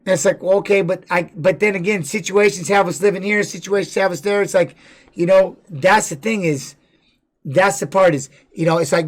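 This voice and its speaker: A man with a high voice talks on a livestream in a loose, rambling way, swearing freely. He shifts between commenting on a fight and telling candid stories from his own life. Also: moderate pace. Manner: candid personal storytelling. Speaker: streamer and former fighter. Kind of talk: casual livestream chat.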